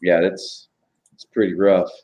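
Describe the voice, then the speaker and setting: A man's voice: low-pitched, level tone, measured pace, dark tone. A man in casual stream chat, talking in rambling, filler-heavy runs and swearing freely. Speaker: tattoo artist on a live chat stream.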